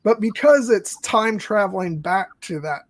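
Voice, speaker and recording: A man's voice: sits high, expressive, measured pace, no room sound. A man co-hosting a casual film podcast, telling a long rambling story full of fillers. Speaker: podcast co-host. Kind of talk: casual film review chat.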